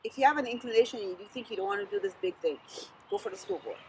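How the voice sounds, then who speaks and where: A woman's voice: mid-range voice, racing, a little mellow, slight background noise, low-quality recording. A woman with a Southern US accent, a political candidate speaking in an interview in an emphatic, encouraging way that repeats key phrases. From Sierra Leone. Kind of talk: casual interview talk.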